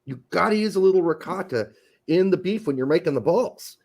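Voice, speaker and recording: Lively joking male podcast co-host. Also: sits high, brisk, gravelly. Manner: animated, joking, swears casually. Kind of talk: casual chat while drinking beer.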